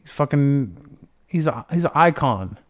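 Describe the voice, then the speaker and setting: A man's voice: medium pitch, expressive, measured pace. A young man hosting a livestream, chatting casually in a rambling, playful way with lots of swearing. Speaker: livestream host.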